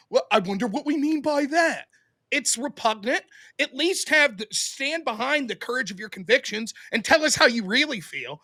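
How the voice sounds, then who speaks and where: Man, co-host, casual political commentary, high lively voice, bright tone. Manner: animated and heated, acting out quoted voices.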